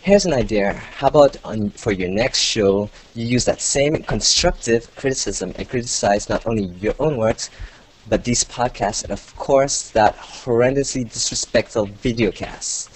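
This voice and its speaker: A man's voice: mid-range voice, moderate pace, slightly rough, poor audio. A male podcast host reading out listener email in casual chat, interrupting himself with asides, often sounding sarcastic without meaning to.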